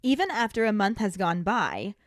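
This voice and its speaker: Cheerful, lively podcast co-host woman. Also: mid-range voice, moderate pace, dry recording, clean studio sound. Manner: cheerful, giggly, reading segments. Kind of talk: casual chat.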